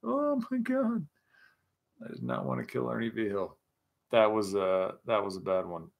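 Tipsy dude rambling on a livestream, swears a lot, tells stories. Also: male voice, fairly low pitch, a little fast, gravelly. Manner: rambling, profane, laughing storyteller. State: tipsy from drinking scotch. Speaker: livestream host. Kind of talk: casual livestream chat.

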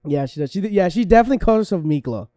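A man's voice: a little high, expressive, very fast, mellow, no echo. A man co-hosting a comedy podcast in casual chat, laughing often and stumbling over his words as he asks questions. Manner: giggly, stammering, asks lots of questions. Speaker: podcast co-host.

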